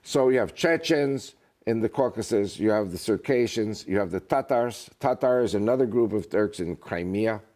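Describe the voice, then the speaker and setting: This man's voice leans low and he talks at a normal speed. As a guest in a relaxed interview, he's a lively jokester, spinning stories and cracking jokes.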